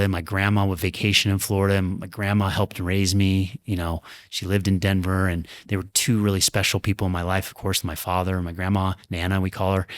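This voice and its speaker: A former pro tennis player, appearing as a podcast guest, reflects earnestly on his career through candid stories. He has a low voice and talks in quick bursts, and the recording is dry.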